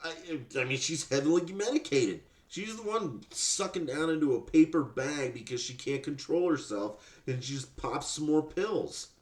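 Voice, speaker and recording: A man's voice: a little high, lively intonation, normal speed, few pauses, a little mellow, echoey room. A man hosting a podcast, ranting sarcastically and profanely in mocking commentary. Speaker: podcast host.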